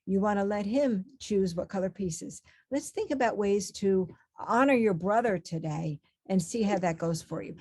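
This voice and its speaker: Mellow-voiced woman teaching parents. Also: mid-range voice, moderate pace, hardly any pauses. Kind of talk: webinar teaching chat.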